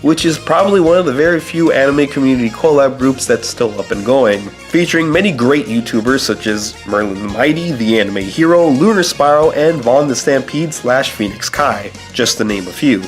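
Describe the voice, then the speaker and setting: A man hosting his own channel, reading a scripted update in a steady, earnest way while sounding sick. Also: mid-range voice, moderate pace, few pauses. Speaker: channel host. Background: faint background music.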